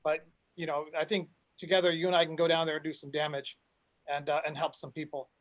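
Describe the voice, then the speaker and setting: A male panel host with a notably high voice, moderating an online discussion. He rambles and restarts his sentences often, heard over a video call. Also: level tone, brisk.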